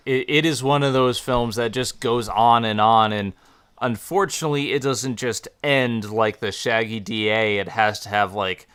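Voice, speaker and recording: A young man co-hosting a casual film review chat, speaking in a measured, critical way. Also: on the low side, fairly bright tone, clear, resonant tone, no echo, clean studio sound. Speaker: podcast co-host.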